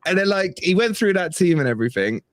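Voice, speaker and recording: Animated man telling a story. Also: high voice, quick pace, no room sound, studio quality. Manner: animated anecdote-telling with mimicked quotes. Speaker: fan channel co-host. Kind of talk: casual storytelling chat.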